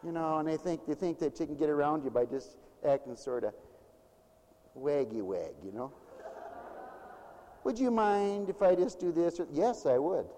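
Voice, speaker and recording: A man delivers a lively sermon in a high, swooping voice that climbs and dips all the time. He is playful and laughs often, mimicking whiny voices for effect. His words ring out with a long reverb, as in a large church hall. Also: normal speed, slight background noise. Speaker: preacher.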